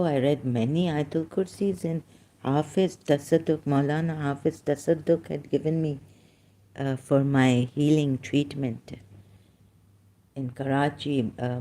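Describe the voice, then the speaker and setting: Man, from Pakistan, live-stream monologue, halting and hesitant, drawn-out delivery, soft whisper at times. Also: medium pitch. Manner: slow, halting, with many hesitations and trailing asides.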